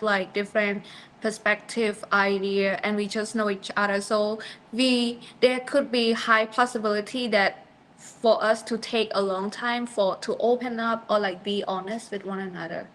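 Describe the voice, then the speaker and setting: A young woman chats in a student discussion and often leans on "like" as she talks. She states her opinions plainly. A faint hum sits behind her, and her pitch is mid-range. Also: fairly even intonation, moderate pace, a bit bright, low-quality recording. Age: young adult. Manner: chatty, frequent "like" fillers, direct opinions. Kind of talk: casual group discussion.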